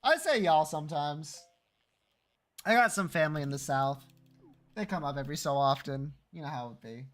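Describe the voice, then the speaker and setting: A man's voice: fairly high pitch, lively intonation, moderate pace. A man streaming live, chatting casually with his viewers, teasing and joking and swearing freely.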